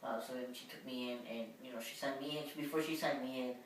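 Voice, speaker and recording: A woman's voice: very deep voice, fairly even intonation, fast talker, distant mic. A woman vlogger telling a personal story in a casual, rambling way, full of filler words. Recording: very echoey room, voice away from mic, faint hum.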